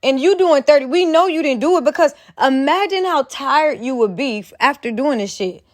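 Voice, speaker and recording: Donna dalla voce acuta, schietta e scurrile, che commenta con foga. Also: female voice, sits high, animated, normal speed. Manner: heated, blunt, profane, repetitive. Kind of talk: profane reaction commentary.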